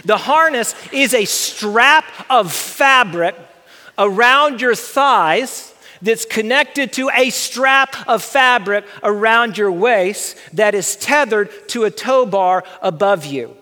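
Middle-aged guy telling a funny story in a big hall, high bright voice, long echo. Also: takes it slowly. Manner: animated, self-deprecating storyteller. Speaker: speaker telling a personal story. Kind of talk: storytelling talk with slides.

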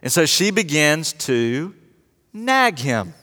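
High-voiced pastor in a reverberant hall. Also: male voice, slow pace. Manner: storytelling, animated, acts out quotes in voices. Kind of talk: sermon. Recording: long reverb of a large hall.

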